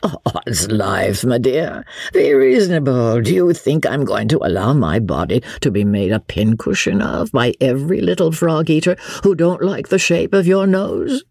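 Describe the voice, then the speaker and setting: A woman reads as a lazy, foppish English lord in a storybook reading, drawling his oaths with easy good humour. The voice is gravelly and husky, swinging widely in pitch. It is recorded dry and close. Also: animated, moderate pace, few pauses, darkish tone, no room sound, heavily acted. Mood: jovial. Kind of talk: audiobook character reading.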